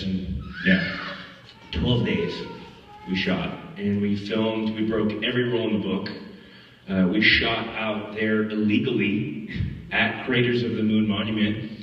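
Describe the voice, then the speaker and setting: Animated storytelling man in an echoey hall. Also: fairly low pitch. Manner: animated storyteller, acts out quotes, laughs often. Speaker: actor answering audience questions. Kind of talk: casual anecdote at a film Q&A. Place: festival screening hall. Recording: echoey hall from far off, dull audio.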